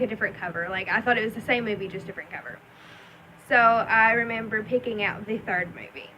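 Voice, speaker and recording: A woman's voice: medium pitch, pushed and bright, dull audio, slight background noise. A young adult woman telling a personal story in a rambling, chatty vlog with many ums and likes. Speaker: vlogger.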